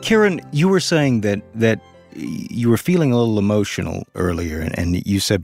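A man's voice: on the low side, animated, normal speed, darkish tone, soft background music. A man interviewing a guest, asking questions in a thoughtful, hesitant way with frequent restarts. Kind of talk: conversational interview.

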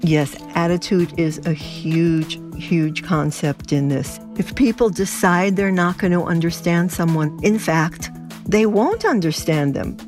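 A woman, a communication coach, explaining advice in a measured, instructive way. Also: lowish voice, music in the background. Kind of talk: interview talk.

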